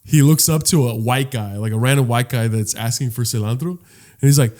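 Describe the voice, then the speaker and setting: A man's voice: medium pitch, brisk, a little mellow. A man co-hosting a casual comedy podcast, rambling through stories, swearing and acting out the voices of people he met. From Los Angeles. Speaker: podcast co-host.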